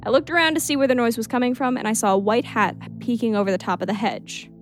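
A woman reading a creepy first-person story aloud at a steady pace, now and then breaking off for casual asides. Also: a little high, fast, faint music behind. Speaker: horror story narrator.

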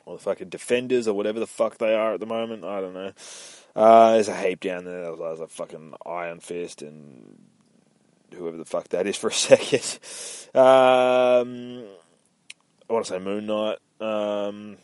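A man hosting a comic book podcast, recapping an issue in casual, profane play-by-play and dropping into quick voice impressions. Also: fairly low pitch, fairly even intonation, a little mellow, clean tone, dry recording.

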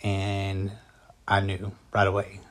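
A man with a fairly low voice tells a personal story in a loose, conversational way. He talks in a calm, matter-of-fact tone and often circles back with fillers and restarts. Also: slow. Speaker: vlogger recounting a personal story.

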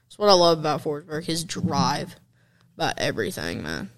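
A young man giving casual, excitable commentary over hockey highlights, chatty and fan-like, with fillers and slang. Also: moderate pace, creaky.

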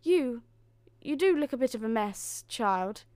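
A fussy, kindly old fairy godmother, as a woman puts her on, brisk and quick to take a huff. The voice sits high and carries loud and bright, recorded dry and close. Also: expressive, dry recording. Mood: fond. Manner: brisk, huffy, affectionate.

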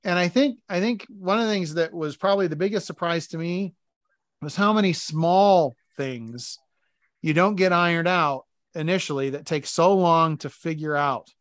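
A married man co-hosting a podcast, chatting casually and telling animated stories where he acts out domestic arguments. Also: a little high, normal speed, no room sound. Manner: animated storytelling, acting out arguments. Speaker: podcast co-host. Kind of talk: casual chat.

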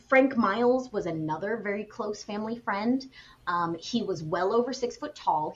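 A woman co-hosting a podcast, retelling a spooky story in a casual, animated way with plenty of fillers. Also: medium pitch, muffled recording. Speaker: podcast co-host.

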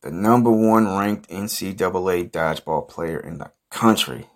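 A young man hosting a podcast, telling an absurd, profane, boastful story in a rambling deadpan way. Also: low voice, moderate pace. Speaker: podcast host.

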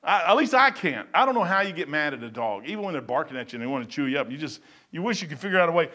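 A man preaching a sermon in a folksy, rambling way, swinging between loud bursts and quiet asides. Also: fairly high pitch, big pitch swings, racing. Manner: folksy and rambling, with stumbles and chuckles.

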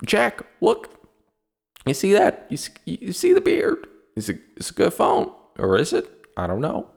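A man's voice: high voice, wildly swooping pitch, a little slow, creaky, darkish tone, husky, pitched above the performer's own voice, full character voice. A man doing a mocking impression of a showy male tech reviewer showing off his beard.

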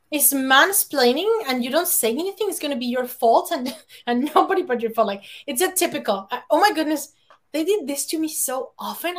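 Animated woman. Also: high-pitched. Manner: emphatic, animated, laughs often, acts out quoted lines. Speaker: guest speaker on public speaking. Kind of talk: lively conversational advice.

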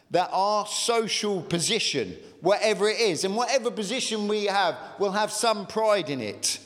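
Emphatic preacher in a reverberant hall. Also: male voice, high voice. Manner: emphatic, rising and falling between raised intensity and quiet reflection. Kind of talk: sermon.

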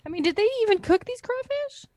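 A woman's voice: very high voice, animated, fairly quick, a little mellow. A woman chatting casually over a video call about a film, laughing often and acting out the characters' lines. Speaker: movie reviewer. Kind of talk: casual chat reviewing a film.

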